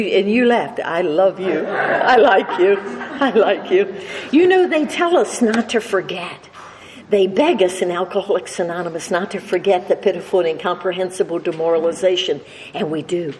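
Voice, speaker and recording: An older woman with a fairly low, slightly mellow voice speaks to a recovery meeting, relating a funny personal story to a live audience. She stutters slightly and restarts often, and the listeners laugh. The recording carries the hall's reverberation and faint noise.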